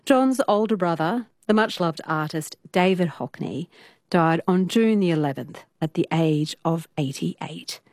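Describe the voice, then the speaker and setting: A woman radio host asking interview questions and reading the show's outro in a measured way. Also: lowish voice, darkish tone, no room sound, clean studio sound. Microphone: studio microphone.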